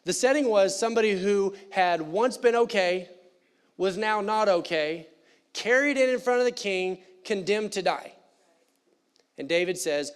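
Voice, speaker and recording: A man delivers a church sermon in a fairly high voice. He talks to the congregation in an animated, conversational way and drops playful asides between points. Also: measured pace, smooth. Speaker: pastor. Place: church sanctuary.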